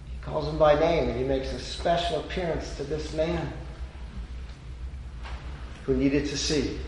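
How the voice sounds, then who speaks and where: A man's voice: mid-range voice, darkish tone, slight background noise. Man preaching in an echoey hall. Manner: storytelling, voicing quoted speakers with rising emphasis. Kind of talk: sermon.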